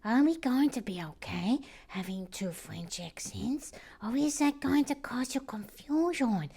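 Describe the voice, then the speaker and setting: A woman's voice: fairly high pitch, lively intonation, a little slow, warm tone, breathy edge, voice pushed up, exaggerated voice. A woman voicing a cheeky male viewer's critical comments in a half-whispered, teasing read-out. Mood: quizzical.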